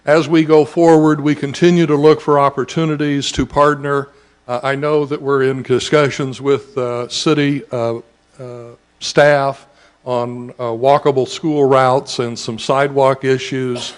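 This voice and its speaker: A man, a school district administrator, giving a formal public speech in a measured way with frequent "uh" pauses. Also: mid-range voice, clean tone. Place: school event audience setting.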